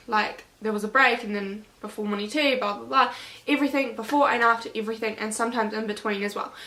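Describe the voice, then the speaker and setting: A woman's voice: on the high side, bright, forceful tone, poor audio. Young woman telling a personal story. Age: young adult. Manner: hesitant, rambling, many fillers and restarts. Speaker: vlogger.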